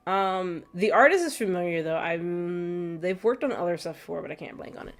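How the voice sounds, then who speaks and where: A woman's voice: lowish voice, lively intonation, normal speed. A woman streaming gameplay, chatting casually, laughing often and reading chat aloud. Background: faint background music.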